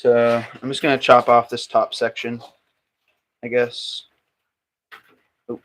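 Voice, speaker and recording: A man's voice: mid-range voice, little pitch movement, takes it slowly, a bit bright. A young man making pottery on a livestream, chatting casually, joking and answering viewers' comments as he works.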